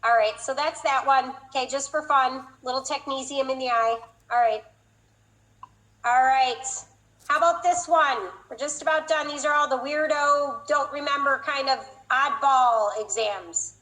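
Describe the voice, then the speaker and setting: A woman with a high voice lectures a class. She moves quickly from explanation to playful teasing of her students. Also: sharp tone, rough recording. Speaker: instructor.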